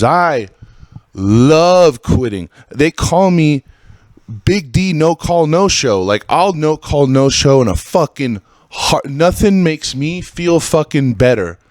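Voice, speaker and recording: A man in his thirties hosting a solo podcast, ranting with constant swearing and jumping into high, exasperated outbursts. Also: no echo, clean studio sound. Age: 30s. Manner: profane, ranting, swings into high exasperated bursts. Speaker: podcast host.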